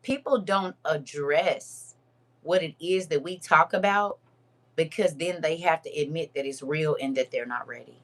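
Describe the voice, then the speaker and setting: A woman hosting a casual livestream, reading viewer comments aloud in a lively, teasing way and laughing often. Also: low-pitched, unhurried.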